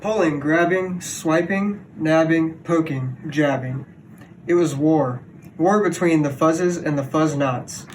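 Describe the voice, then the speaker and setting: A young man on a sports team reading a children's picture book aloud in a plain, steady way. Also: a little high, slow pace, recorded from a distance, slight background noise, rough recording. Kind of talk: storybook read-aloud.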